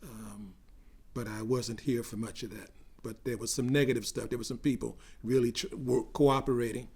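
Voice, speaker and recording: An older man recounting memories in an oral history interview, growing animated as he tells a story. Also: mid-range voice, normal speed, husky.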